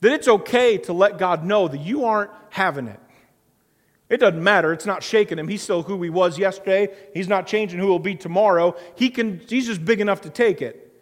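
High-voiced preaching pastor in a reverberant hall. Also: male voice, brisk. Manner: earnest, repetitive preaching cadence. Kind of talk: sermon.

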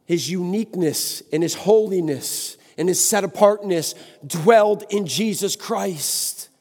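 A man's voice: sits high, measured pace, darkish tone. A man preaching a sermon with passion, exclaiming and speaking to the congregation. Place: church sanctuary. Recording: long hall reverb.

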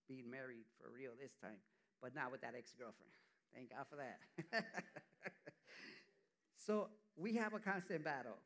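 Middle-aged guy preaching a laid-back sermon, kinda high voice, does little voices for people he quotes. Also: fairly bright tone. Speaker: church elder preaching.

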